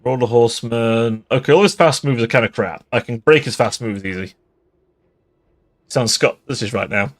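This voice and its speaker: A man's voice: medium pitch, normal speed. A tipsy man giving casual livestream commentary on a strategy game, swearing often and laughing between remarks. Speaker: game streamer.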